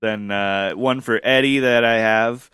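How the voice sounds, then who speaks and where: A man co-hosting a podcast, telling stories in a rambling casual way with many fillers and pauses. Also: medium pitch, fairly even intonation, a bit bright, clear, resonant tone, no echo, studio quality. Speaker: podcast co-host. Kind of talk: casual storytelling chat.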